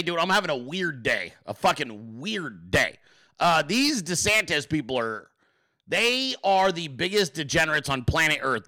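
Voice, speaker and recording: Brash high-voiced male podcast host. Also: bright, forceful tone. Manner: brash, profane and mocking. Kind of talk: casual political commentary.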